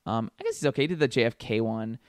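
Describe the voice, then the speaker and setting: A man's voice: mid-range voice, expressive, racing, dry recording, studio quality. Profane joking man on a podcast. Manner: profane, joking, rambling with fillers. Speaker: podcast co-host. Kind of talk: casual chat.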